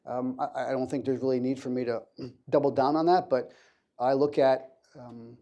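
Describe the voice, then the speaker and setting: A man, a government counterintelligence official, answering questions on a conference panel in a measured way with frequent fillers and restarts. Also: medium pitch, flat delivery, warm tone. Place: conference hall.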